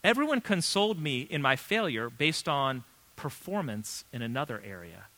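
Bright-voiced man preaching earnestly. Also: mid-range voice, very animated. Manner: earnest, conversational preaching with emphatic pauses. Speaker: pastor. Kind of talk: sermon.

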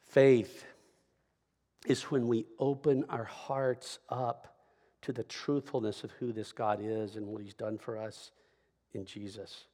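A man's voice: lowish voice, level tone, slow pace, dark tone. A middle-aged man preaching a sermon as a pastor, telling a story conversationally and often checking in with "right?". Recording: long reverb of a large hall.

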